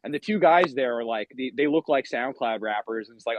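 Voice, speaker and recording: A man's voice: mid-range voice, expressive, a little fast, no room sound. A man hosting a casual call-in chat, pacing outside with a weak connection, talking profanely and getting worked up as he rants. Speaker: podcast host. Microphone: phone call at the edge of wifi range. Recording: dull lo-fi call audio.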